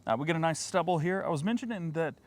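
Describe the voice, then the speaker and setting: A man hosting a gaming channel, chatting casually over gameplay footage, tired and yawning but excitable, with lots of fillers. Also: fairly high pitch, fast.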